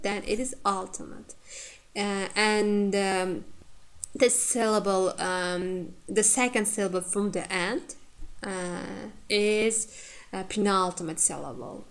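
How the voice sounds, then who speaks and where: Woman, English pronunciation teacher, very slow pace, repeats example words, hesitant fillers. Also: mid-range voice. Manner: repeats each example word slowly for emphasis. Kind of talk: spoken lecture on word stress.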